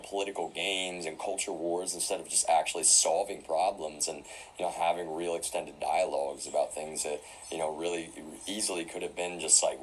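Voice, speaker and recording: A man's voice: low-pitched, slight background noise, rough recording. A man talking through a live stream in a rambling way, full of fillers and restarts. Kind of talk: casual live-stream monologue.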